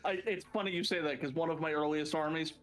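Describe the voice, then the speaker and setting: A man's voice: on the high side, steady tone, fast talker, faint music behind. A man chatting casually as a guest, stumbling over restarts, laughing often and swearing. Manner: stammering restarts, laughing, profane. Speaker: guest streamer. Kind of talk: casual chat.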